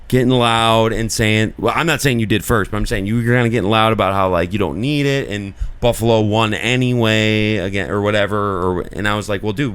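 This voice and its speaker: Low, smooth-voiced man rambling earnestly. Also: a bit bright. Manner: rambling and earnest, many filler likes. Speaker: podcast co-host. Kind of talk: casual chat.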